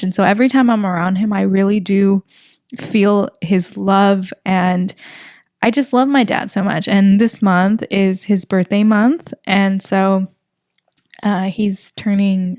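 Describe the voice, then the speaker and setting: A young woman in her twenties tells a personal story as a podcast co-host. Her voice sits at an ordinary pitch and she rambles warmly, leaning on lots of fillers. The recording is dry and close, with no room sound. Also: dry recording. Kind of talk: casual podcast chat.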